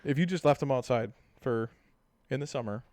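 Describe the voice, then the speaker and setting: A man in his thirties co-hosting a casual podcast, talking in a rambling, profane, animated way. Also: medium pitch, brisk, no echo, studio quality. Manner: rambling, profane, animated storytelling with acted-out quotes. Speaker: podcast co-host. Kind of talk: casual chat.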